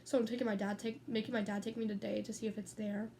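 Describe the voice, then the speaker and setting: A teenage girl vlogs from her bedroom in a mid-range voice that is warm but flat in delivery, talking fast. Chatty and sidetracked, she rambles through stories and swears freely. A little hiss or hum is present.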